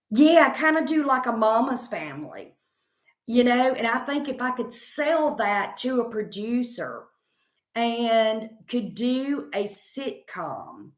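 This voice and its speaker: This Southern-accented woman comic talks casually through viewer comments, rambling but self-assured. Her pitch is a little high, and the recording has a reverberant quality.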